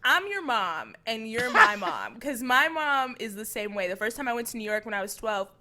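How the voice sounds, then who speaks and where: A woman's voice: on the high side, big pitch swings, normal speed, very noisy. A woman comedian in casual comedic chat, telling stories in a playful, dramatic way and often laughing. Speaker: comedian guest.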